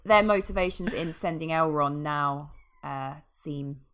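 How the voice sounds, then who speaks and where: A woman co-hosts a podcast, chatting casually and enthusiastically about a fantasy TV series, her speech full of small fillers and restarts. Her voice sits low and a bit bright, at a measured pace.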